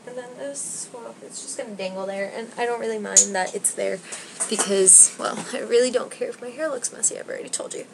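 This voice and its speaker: Fairly quick and a little high, this young woman's voice has a gravelly texture, with background noise behind it. She's a beauty vlogger doing a casual hair tutorial at home, slightly breathless, chatty, and self-deprecating, rambling with plenty of "likes."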